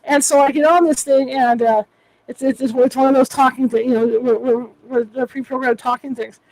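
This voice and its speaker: A woman's voice: sits high, fairly even intonation, a little fast, darkish tone, no echo, poor audio. A woman hosting a podcast in casual interview chat, talking in a chatty way with frequent repeats and restarts. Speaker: podcast host.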